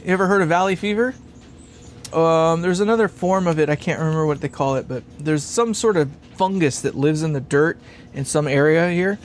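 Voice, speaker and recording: A man's voice: on the high side, a little fast. A man hosting a casual livestream while building a guitar amp, rambling, laughing often and swearing freely.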